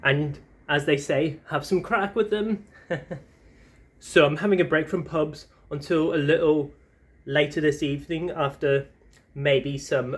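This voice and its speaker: A man's voice: on the high side, breathy edge. A man chatting casually in a travel vlog, upbeat and rambling, with lots of ums as he talks while walking around a city. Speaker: travel vlogger. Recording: street traffic noise behind.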